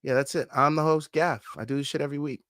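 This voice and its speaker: A man's voice: fairly high pitch, steady tone, quick pace, fairly bright tone, no room sound, studio quality. A man hosting a casual livestream, reading chat comments aloud, swearing freely and laughing often. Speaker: host.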